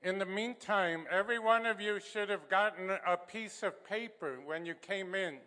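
A man's voice: sits high, moderate pace, bright, forceful tone. A male pastor with a New York accent, giving direct instructions to the congregation before communion. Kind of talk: sermon, leading communion. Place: church sanctuary. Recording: long hall reverb in church.

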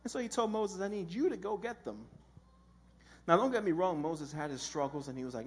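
A man's voice: sits high, lively intonation, brisk, breathy edge. A man giving a casual, humorous sermon as a preacher, telling a story with slang and acted-out voices.

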